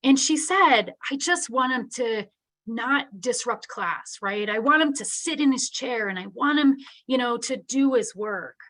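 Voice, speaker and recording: A woman's voice: a little high, lively intonation, a little slow, a bit bright. A middle-aged woman giving an earnest, conversational keynote in a live webinar, often checking in with "right?". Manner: earnest, conversational, tag questions. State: teary-eyed. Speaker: keynote speaker.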